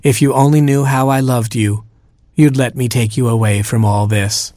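A man's voice: mid-range voice, fairly even intonation, normal speed, warm tone, dry recording, studio quality, natural voice. A man voicing a cheeky, lovesick male cobra with a teasing, wheedling way of talking.

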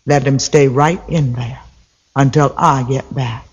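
A man's voice: medium pitch, fairly even intonation, unhurried, breathy edge, voice pushed down. A man voices a huge, stern mother bear in a spoken folktale. She speaks firmly and with command, settling the matter.

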